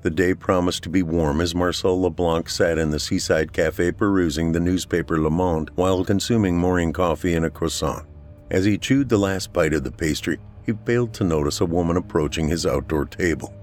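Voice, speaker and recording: A man reading a scripted story as narrator, with a slow, steady delivery. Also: low-pitched.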